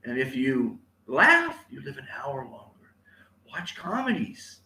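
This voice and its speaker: Bright-voiced upbeat motivational speaker man. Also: mid-range voice, very animated, unhurried, reverberant. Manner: enthusiastic, repeats catchphrases, asks viewers to shout along. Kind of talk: live-streamed motivational talk. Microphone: on camera, live stream.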